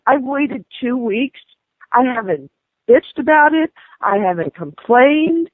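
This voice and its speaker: A woman, the target of a prank call, vents angrily over a tinny phone line about a repair, indignant and ranting until she escalates to shouting. Her voice is high with lively intonation and a slow pace, and there's no echo.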